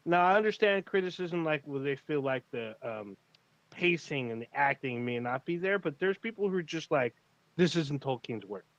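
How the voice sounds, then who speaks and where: A man's voice: on the high side, lively intonation, normal speed, no echo, lo-fi sound. A man co-hosting a casual livestream chat, talking in a laid-back, rambling way with plenty of swearing and fillers. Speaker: podcast co-host.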